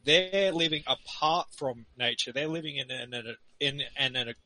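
A man's voice: fairly high pitch, normal speed, sharp tone, dry recording, rough recording. An Australian man talking loosely in a casual group discussion, rambling and laughing between points. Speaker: forum participant.

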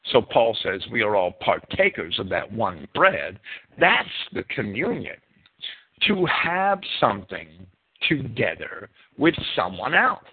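A man with a New Jersey accent teaching a Bible sermon, emphatic and deliberate, stretching his key words. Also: medium pitch, slightly rough. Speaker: preacher. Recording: phone-like narrow sound.

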